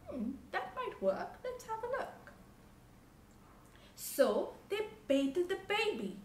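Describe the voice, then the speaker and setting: A woman reads a children's picture book aloud in a high, sing-song voice that rises and falls widely. She takes it slowly, making playful animal noises and pausing to ask the listener questions. The recording sounds echoey, with faint room ambience behind her. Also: sing-song, far from the mic, slight background noise. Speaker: storybook reader.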